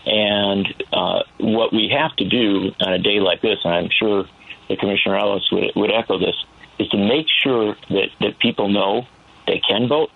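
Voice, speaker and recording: A man with a low, gravelly, slightly husky voice gives earnest commentary over a tinny phone line. His delivery builds with passion as he goes. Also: steady tone, normal speed. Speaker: political commentator. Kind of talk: call-in radio commentary.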